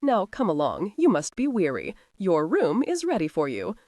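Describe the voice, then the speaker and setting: A woman's voice: lowish voice, huge pitch swings, moderate pace, darkish tone, no echo, clean studio sound. A woman voicing a witty young noblewoman who talks in a sweetly sarcastic, mock-guilty way. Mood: sly teasing.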